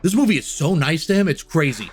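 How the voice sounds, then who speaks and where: A man co-hosting a film podcast, talking in an opinionated, animated way with some swearing. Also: on the high side, brisk. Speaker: podcast co-host. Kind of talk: casual film discussion.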